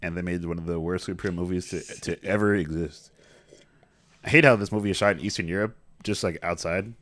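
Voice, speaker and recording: A man's voice: sits low, steady tone, fast talker, fairly bright tone, dry recording. A man co-hosting a casual movie review chat, making dry sarcastic jokes. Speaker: podcast co-host.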